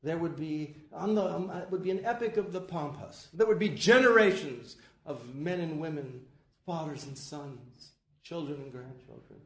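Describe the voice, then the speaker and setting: A man impersonating a frail, elderly blind writer who is gentle and wistful, telling it in an animated, rising voice during a lecture. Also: a little high, measured pace, pitched above the performer's own voice. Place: lecture hall. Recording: echoey hall, faint noise.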